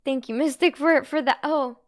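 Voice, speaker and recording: Addressing her chat during a live stream, this young woman from Bulgaria sounds halting, sincere and emotional. She speaks in a high-pitched voice.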